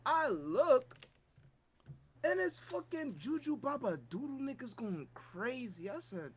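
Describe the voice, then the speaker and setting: A lively co-host telling a convention story with a swinging, expressive pitch. Profane and animated, the voice leaps from loud outbursts to low mutters mid-sentence. Pure casual chat among friends. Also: slow. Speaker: podcast co-host.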